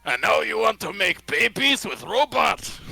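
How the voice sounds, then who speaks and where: An accusing figure, as a man puts him on in a tabletop game. The voice sits high and swings widely. It sounds gravelly, husky and very bright. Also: big pitch swings, measured pace, full character voice.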